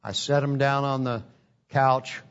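Preacher guy telling a folksy testimony, slow and earnest, muffled lo-fi sound. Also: mid-range voice, flat delivery, clear, resonant tone. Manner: earnest, folksy storytelling with acted quotes. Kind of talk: sermon testimony storytelling. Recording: dull lo-fi recording.

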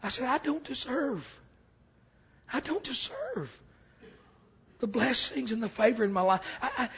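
A man preaching a sermon as pastor, telling stories and stumbling over repeated words before building to loud, emphatic calls. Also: very high-pitched, animated, measured pace, creaky, highs cut off, a crowd in the background.

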